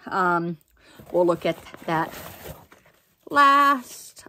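A young woman unboxes a parcel for her book channel, talking at an unhurried pace. She keeps saying how excited she is and fills her sentences with little fillers. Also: medium pitch, a little hiss or hum. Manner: chatty, excitable, lots of fillers. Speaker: book vlogger. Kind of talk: casual unboxing chat.

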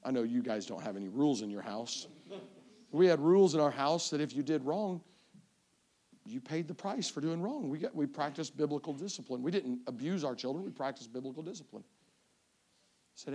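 This middle-aged evangelist has a husky, mid-range voice, speaks at normal speed and leaves long pauses. His sermon is a family story told with animated, acted-out voices that include crying and shouting.

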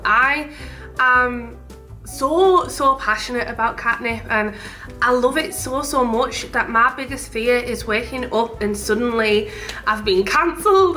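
A woman's voice: fairly high pitch, pushed and bright. A young woman with a Teesside accent from northeast England, chatting casually about her shop while tasting sweets. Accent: Teesside English. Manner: bubbly, chatty, gushing. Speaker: shop owner and vlogger.

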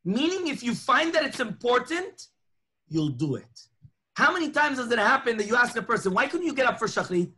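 A man's voice: very high-pitched, brisk, husky. A man, a rabbi, teaching a lunchtime Torah class, telling stories and acting out the dialogue. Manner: animated storytelling, acting out dialogue.

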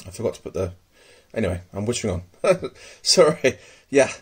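A man's voice: on the low side, big pitch swings, normal speed, breathy edge. A man casually showing his pet tarantulas at home, hesitant and full of ums, murmuring fondly to his pets. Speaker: tarantula keeper. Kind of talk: casual hobby video.

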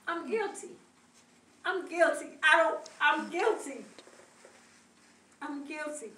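Fervent high-voiced woman preacher. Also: slow, long pauses, bright, forceful tone, a little hiss or hum. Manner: fervent, repetitive preaching cadence. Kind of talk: sermon. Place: church sanctuary. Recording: echoey room from far off.

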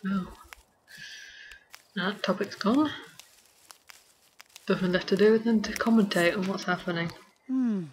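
A young woman giving casual gameplay commentary, rambling and giggly as she thinks aloud with many pauses. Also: mid-range voice, a little hiss or hum. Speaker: let's play host.

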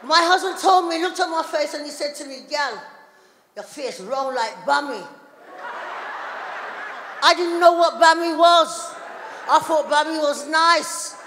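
A middle-aged woman doing a live stand-up routine, loud and chatty with the crowd. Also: very high voice, normal speed. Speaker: stand-up comedian. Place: large hall on stage before a live audience. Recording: echoey hall, live audience noise.

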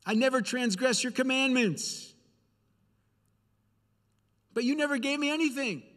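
A man's voice: very high-pitched, a little slow, fairly bright tone, in a large hall, pitched above the performer's own voice. A preacher voicing a self-righteous older brother who complains that he has been wronged. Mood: resentful. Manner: complaining, aggrieved.

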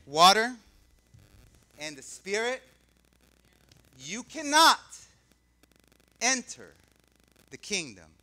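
A man's voice: sits high, sharp tone. A male pastor preaching a conversational sermon, often asking the congregation questions and drawing out key words for emphasis.

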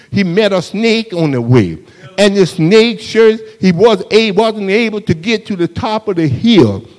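A man preaching a sermon, slowly and steadily, repeatedly calling out to the congregation in a church sanctuary. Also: high voice, a little mellow. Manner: slow, repetitive call-outs to the congregation. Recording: long hall reverb in a church.

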